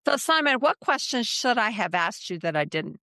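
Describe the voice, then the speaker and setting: A woman's voice: fairly high pitch, sing-song, normal speed, sharp tone, no room sound, clean studio sound. A woman hosting a podcast interview, asking questions and giving brief encouraging prompts. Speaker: podcast host.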